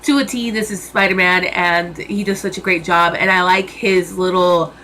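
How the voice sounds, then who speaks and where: A young woman talks through a movie review in a relaxed home vlog, her voice sitting on the low side. She gushes with enthusiasm, circling back with fillers and doubled words. A faint hum of room ambience sits underneath. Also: normal speed. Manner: chatty and enthusiastic, many fillers and repeats. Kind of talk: casual vlog chat.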